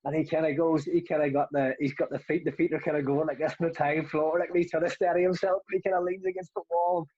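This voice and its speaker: A man's voice: on the high side, little pitch movement, quick pace, hardly any pauses, dark tone, husky. A man, a young adult and former footballer, telling a rambling story in casual chat with frequent laughs and restarts, in a dull, lo-fi recording. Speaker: former footballer, podcast co-host.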